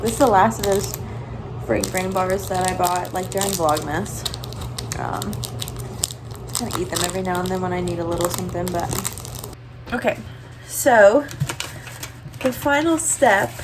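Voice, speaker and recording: Woman in her twenties, chatty vlogger, lots of fillers, home kitchen, camera on a tripod, faint noise. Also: mid-range voice. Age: 20s. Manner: chatty, filler-heavy, emotional storytelling. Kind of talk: casual vlog chat.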